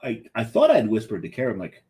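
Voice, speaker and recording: A man's voice: medium pitch, wildly swooping pitch, quick pace, warm tone. A man co-hosting a casual beer podcast, teasing his partner with dry wisecracks. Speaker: podcast co-host. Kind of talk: casual chat.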